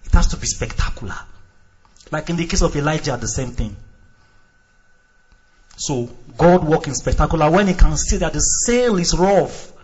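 Male pastor, high lively voice, dull lo-fi sound, acts out scenes and shouts. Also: moderate pace, long pauses. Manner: animated, acts out dialogue, shouts and drops to quiet asides. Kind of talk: sermon.

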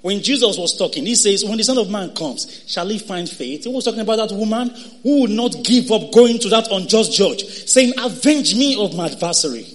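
A male pastor preaching a sermon, calling on the congregation for responses and breaking into shouted exhortations. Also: high-pitched, animated, a little fast.

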